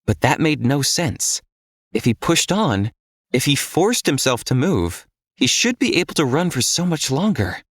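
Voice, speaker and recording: A man reads an audiobook in a steady, measured way. His voice sits at an average male pitch. The recording is dry and close, with no room sound. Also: dry recording. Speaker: audiobook narrator. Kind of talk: scripted audiobook narration.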